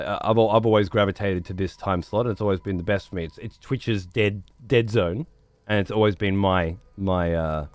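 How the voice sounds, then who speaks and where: A man's voice: low-pitched, dry recording. A man livestreaming, chatting to viewers in a rambling, profane way and repeating words as he thinks. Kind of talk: casual chat to stream viewers.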